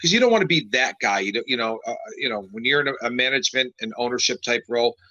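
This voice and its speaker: A man's voice: medium pitch, animated, fast, pushed and bright, no echo. A man from Western New York hosting a casual talk show, giving opinions with lots of "you know". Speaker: host. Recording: slightly dull, dry lo-fi recording.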